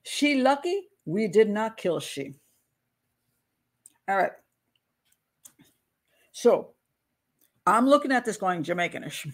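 A woman hosting a true-crime commentary show, talking casually and chattily, often breaking off her own sentences and laughing at herself. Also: fairly low pitch.

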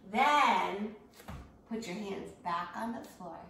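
A woman teaching a children's yoga lesson, gently encouraging young kids through breathing and animal poses. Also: medium pitch, expressive, vocal fry, a little hiss or hum. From United States. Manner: gentle, encouraging, slow and patient. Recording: very echoey room, voice from far off.

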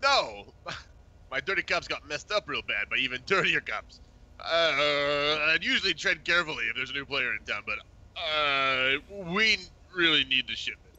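A man's voice: fairly high pitch, lively intonation, normal speed, pushed and bright. A man voicing a whiny, queasy male smuggler contact who hems and haws between his words. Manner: whining, hesitant, full of uhs. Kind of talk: voicing a game character in a playthrough.

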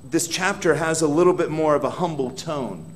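In a church hall, a man with a fairly high voice preaches dramatically at a moderate pace, a slight hiss or hum underneath. As pastor, he prays aloud with rising intensity and puts direct questions to the congregation.

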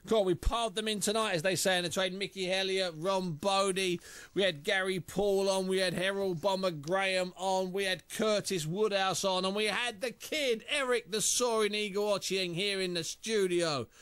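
Excitable man hosting a radio show. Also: high voice, moderate pace, clear, resonant tone. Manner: excitable, stumbling repeats. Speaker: radio boxing show host. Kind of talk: live radio interview. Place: radio studio. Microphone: studio mic.

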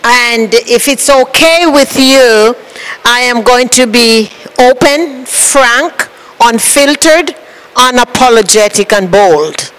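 A woman with a Jamaican accent giving a speech as guest speaker, measured and deliberate. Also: a little high, fairly bright tone, poor audio. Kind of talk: public speech.

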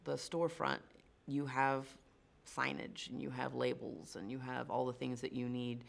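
A woman's voice: a bass voice, vocal fry. A woman from the North Shore of Massachusetts, a CGI producer, chatting casually and self-deprecatingly through a Q&A and laughing often. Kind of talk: casual on-camera Q&A.

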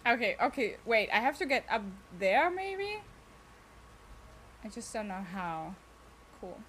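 A young woman narrates her gameplay to her chat. She talks casually, exclaims often, and her voice sits a little high. Faint noise runs under a desk mic. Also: big pitch swings, unhurried, fairly bright tone. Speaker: streamer.

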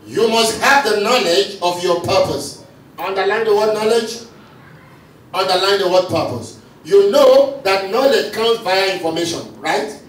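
A male pastor's expressive, high-pitched voice moves at a measured pace as he calls out lines and repeats them for the congregation to answer. The recording comes from far away in an echoey hall, with faint noise.

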